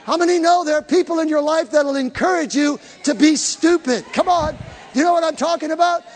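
In a church hall before a live congregation, a male pastor delivers an emphatic sermon, repeating key words and leading the crowd in call and response. He speaks a little fast in a very high voice, and the sound rings with a large hall's long reverb.

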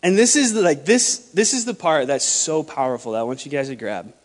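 A young man preaching a sermon to a church, animated, acting out dialogue in lowered voices. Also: fairly quick. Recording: long hall reverb.

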